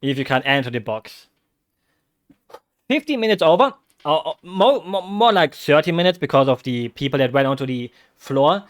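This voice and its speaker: A fairly high-voiced man, chattering through a live football watch-along as a vtuber. His talk rambles and restarts, then jumps into loud, excited exclamations. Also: moderate pace. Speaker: vtuber streamer.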